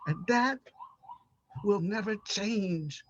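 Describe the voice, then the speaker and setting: A haunted, reclusive husband, acted by a man, stumbling over his words in a husky, breathy voice. He speaks slowly and broods. The amateur audio drama has a dull, lo-fi sound. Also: sits high, a bit bright, full character voice. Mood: brooding. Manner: halting, stammering, brooding.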